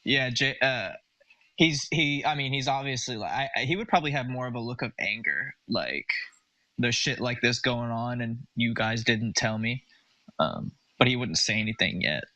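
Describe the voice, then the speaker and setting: Man, tabletop player, bright voice, stammering, thinking aloud. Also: medium pitch, expressive, moderate pace, no room sound, dull audio. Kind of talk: casual tabletop play.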